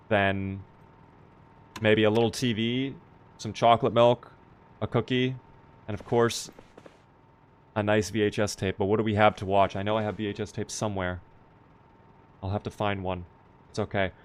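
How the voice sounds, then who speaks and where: A man's voice: fairly low pitch, clean tone. A man casually commenting on his gameplay on a live stream, chatty and playful, joking with his chat.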